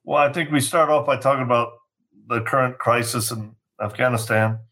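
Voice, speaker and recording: A man speaking as a podcast guest, measured and earnest, often restarting his sentences. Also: mid-range voice, sharp tone.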